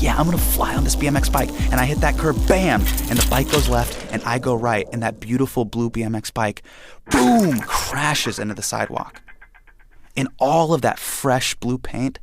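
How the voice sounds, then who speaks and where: A man telling a personal story in an interview, animated and acting out quotes and sound effects. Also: medium pitch. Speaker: guest storyteller.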